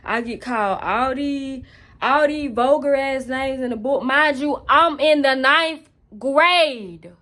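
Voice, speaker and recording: A woman's voice: high-pitched, slow pace, bright, forceful tone. Candid young woman telling her story. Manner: candid, raw and emotional. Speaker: vlogger. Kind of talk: personal testimony storytelling.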